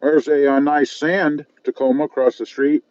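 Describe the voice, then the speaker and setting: A man's voice: a little high, flat delivery, moderate pace, a little mellow, no room sound, dull audio. A man from South Texas chatting casually on a live stream from his parked car while eating and reading viewer comments aloud, self-mocking and easygoing. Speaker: car channel host reading live chat. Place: parked car at a fast-food restaurant.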